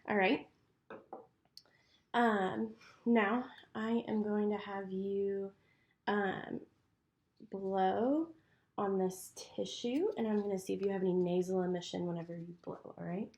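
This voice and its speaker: A woman's voice: mid-range voice, a little mellow. A woman acting as a clinician, patiently walking someone through a speech exam step by step. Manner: encouraging, patient. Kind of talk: giving step-by-step instructions.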